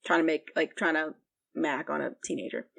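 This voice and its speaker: A woman's voice: low voice, moderate pace, vocal fry, fairly bright tone. A young woman co-hosting a podcast, recapping a book in a rambling casual chat full of fillers. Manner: rambling, heavy use of "like", frequent fillers. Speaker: podcast co-host.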